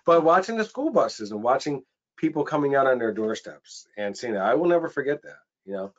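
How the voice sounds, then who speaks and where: A man's voice: mid-range voice, very animated, brisk. A man hosting a webinar panel over a video call, talking casually with many restarts and getting emotional. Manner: chatty, gets emotional, rambling restarts. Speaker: webinar host. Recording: dull lo-fi video call audio.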